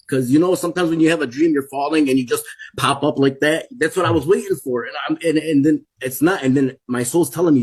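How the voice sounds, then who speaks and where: A man's voice: medium pitch, fairly quick, a little mellow, slightly rough. A man in his forties telling an emotional personal testimony, urgent and repetitive, often restarting his sentences. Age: 40s. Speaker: testimony speaker.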